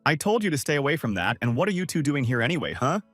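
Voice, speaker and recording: A man voicing a hot-tempered, sharp-tongued young woman who snaps at her rival. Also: fairly high pitch, big pitch swings, fast talker, no room sound, soft background music. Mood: irritated. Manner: snapping, exasperated.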